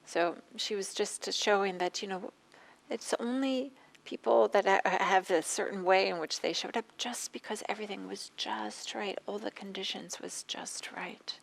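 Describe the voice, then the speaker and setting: Woman meditation teacher, soft spoken dharma talk, bit of vocal fry, throat kinda scratchy. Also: mid-range voice. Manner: gentle, soft-spoken with frequent pauses and fillers.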